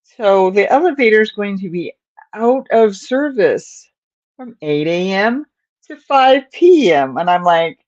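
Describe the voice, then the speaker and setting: A woman's voice: medium pitch, big pitch swings, slow, pauses often, a little mellow, no echo, lo-fi sound. An older woman hosting a crochet livestream, chatting in a rambling, casual way to viewers and often chuckling. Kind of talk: casual chat while crocheting.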